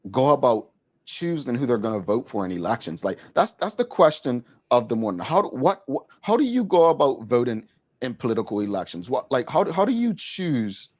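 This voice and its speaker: A Bermudian talk show host makes his point with a pitch that swings widely. He's emphatic and opinionated, pushing hard on his beliefs in a casual studio chat.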